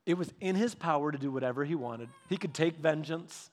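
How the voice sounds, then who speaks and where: A pastor preaches a sermon, retelling scripture conversationally and animatedly, acting out the quotes and going soft and slow when he reads verses. His pitch is fairly high.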